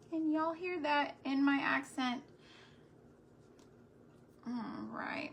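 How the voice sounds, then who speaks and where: A woman's voice: high voice, creaky, a little hiss or hum. A woman from New Mexico with a light Texan accent, chatting casually and folksily as she paints on her homesteading channel. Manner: chatty, folksy, slow and drawn out. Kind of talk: casual chat while painting.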